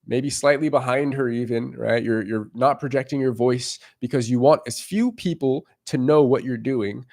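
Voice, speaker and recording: A young man coaches in a relaxed, off-the-cuff monologue. He speaks bluntly and swears casually, repeating himself as he works through his points. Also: medium pitch, moderate pace. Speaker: dating coach.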